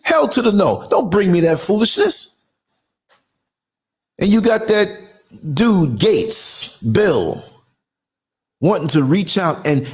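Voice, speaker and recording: Ranting husky man in his sixties. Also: high voice. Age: 60s. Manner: ranting, emphatic, mocking asides. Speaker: commentary channel host. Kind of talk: heated opinion monologue.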